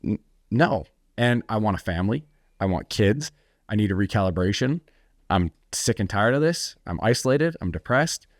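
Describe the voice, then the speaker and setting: With a fairly low voice and lively intonation, an American man speaks at a moderate pace as a podcast guest recounting his own story. Blunt and intense, he swears freely and frequently restarts his sentences, captured in clean studio sound with no room echo.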